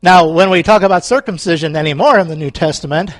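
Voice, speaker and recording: A man's voice: on the high side, quick pace, no echo. A man pastor preaching a conversational sermon, with playful asides and laughter between scripture readings.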